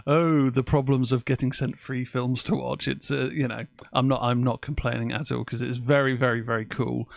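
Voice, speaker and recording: A man's voice: mid-range voice, little pitch movement, normal speed, vocal fry, few pauses, no room sound. A man hosting a live-streamed podcast from his home office, chatting casually and swearing offhandedly. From England. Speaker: podcast host. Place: home office with windows open. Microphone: desk microphone.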